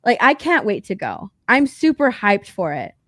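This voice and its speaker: A woman co-hosting a pop-culture news podcast, chatting casually with lots of fillers and excitement. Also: medium pitch, moderate pace, no echo, clean studio sound. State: hiccups. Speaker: podcast co-host. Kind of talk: casual chat.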